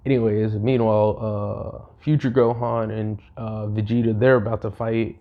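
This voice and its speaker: A young man casually retelling a fan story, rambling fast with slang and fillers. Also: on the low side, little pitch movement, narrow, tinny audio.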